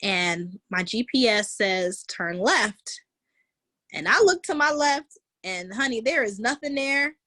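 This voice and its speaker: Bright-voiced, animated woman storyteller. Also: a little high, a little slow, hardly any pauses, dry recording. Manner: animated, vivid storyteller who leans on "like" and "honey". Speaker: guest, founder of a moms' group. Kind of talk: storytelling in a conversation.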